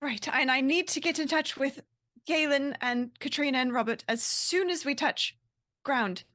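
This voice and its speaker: A woman playing her character in a tabletop game, speaking hesitantly with many pauses and fillers. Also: high voice, fairly bright tone. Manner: hesitant, lots of ums, careful phrasing. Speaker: player.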